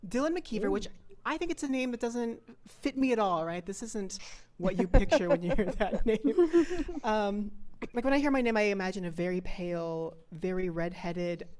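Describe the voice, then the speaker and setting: A woman's voice: medium pitch, lively intonation, normal speed, a little mellow. Giggly young woman doing stand-up. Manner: giggly, self-mocking, laughs through lines. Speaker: stand-up comedian. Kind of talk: stand-up set over video call. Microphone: video call.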